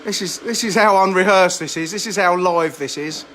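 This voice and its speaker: A rambling, chatty man live streams on a handheld phone. His voice sits high for a man, and a faint hum of noise runs behind him. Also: moderate pace, pushed and bright. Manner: chatty, rambling, self-mocking. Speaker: fishery owner live streaming. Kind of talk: casual live-stream chat. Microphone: phone camera held in hand.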